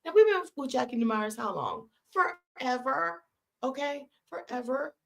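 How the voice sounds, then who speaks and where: A woman's voice: sits high, very animated, a little slow, creaky. A woman from California hosting a late-night live stream, telling a story in a conversational way and calling her listeners "y'all". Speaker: host.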